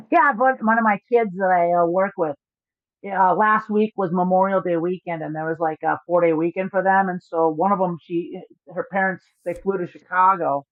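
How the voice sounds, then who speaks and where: Streaming poker, this woman talks through each hand, cracking jokes and cursing as she goes. She has a lowish voice and a moderate pace. The recording is dry, a bit dull, and lo-fi.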